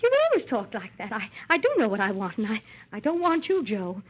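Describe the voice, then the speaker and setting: A woman's voice: mid-range voice, very animated, brisk, husky, rough recording. An actress in a 1930s radio drama playing a volatile young woman in love, pleading and emotional. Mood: distraught. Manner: emotional and pleading, swinging between pleas and outbursts.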